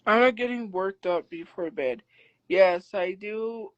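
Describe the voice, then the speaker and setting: Loud, defensive woman livestreamer. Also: mid-range voice, measured pace, lo-fi sound. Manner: talks loud by habit; defensive, argumentative. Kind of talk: live stream chat replies.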